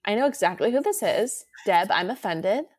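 A woman's voice: medium pitch, expressive, normal speed, husky, dry recording, clean studio sound. Mock-dramatic young woman co-host. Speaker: podcast co-host. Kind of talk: casual chat.

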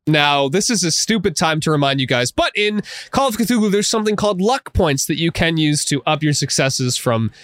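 A man's voice: on the high side, animated, brisk, few pauses, a bit bright, no room sound, studio quality. A young man running a tabletop horror game as game master, hesitant and full of fillers, breaking into laughter.

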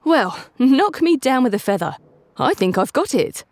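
A woman's voice: high-pitched, sing-song, normal speed, a little mellow, no room sound, voice pushed up. A woman doing a kindly, proud dad. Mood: thoughtful. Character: kindly dad, pleased with himself.

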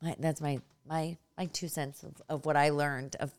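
A young woman hosts a podcast in casual chat. She gushes and restarts her sentences often, her voice sitting a little low. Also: steady tone, moderate pace. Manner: chatty, gushing, many restarts and fillers. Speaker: podcast host.

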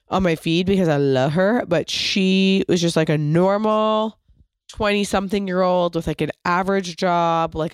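A woman's voice: on the low side, clean tone, dry recording, studio quality. A woman hosting a podcast in casual, rambling chat, full of "like" fillers and the odd swear word. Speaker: podcast host.

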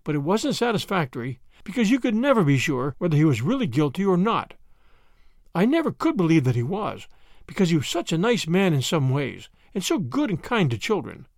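An excitable old grandmother in a storybook, high and quavering, her voice leaping wildly up and down, put on by a man narrating. The recording is close and dry. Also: fairly quick, dry recording. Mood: wistful. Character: fussy, anxious old grandmother on a train.

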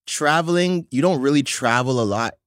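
A man from Toronto with a Toronto accent, chatting casually on a podcast, animated and quick to laugh. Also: medium pitch, no echo, clean studio sound. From Toronto, Canada. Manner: animated storyteller, laughs easily. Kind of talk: casual chat.

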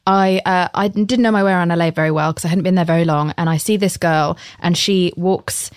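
A woman with an English accent, a guest on a podcast telling lively stories and swearing casually. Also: on the low side, brisk, clean tone, dry recording, studio quality. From England. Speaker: actress guest. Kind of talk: casual interview chat.

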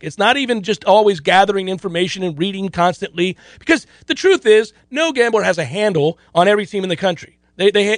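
A sports betting podcast co-host with a notably high voice rambles casually through his picks, circling back, stumbling over words and laughing often. The sound is close and completely dry, with no room around it.

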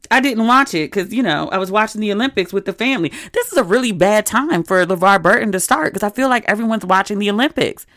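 A woman's voice: mid-range voice, fairly bright tone, dry recording. Chatty woman host, dry close sound. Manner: chatty, candid storytelling with asides. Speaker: podcast host. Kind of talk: casual chat.

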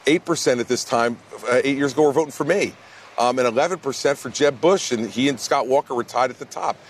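A man's voice: mid-range voice, fast. A man, a presidential candidate answering questions in a blunt, emphatic way in a TV news interview. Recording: faint background noise.

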